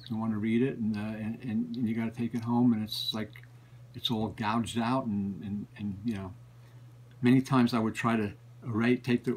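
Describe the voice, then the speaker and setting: A man's voice: lowish voice, slightly rough, rough recording. A man, a book collector, telling stories in a rambling casual way, often repeating and restarting phrases. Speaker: book collector and show regular. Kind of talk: casual storytelling.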